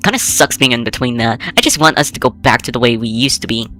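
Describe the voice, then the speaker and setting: A woman's voice: very deep voice, fast, bright, forceful tone, soft background music. A woman voicing an upbeat teenage girl in a visual novel, eager and pleading as she asks a friend for help. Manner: bubbly, pleading.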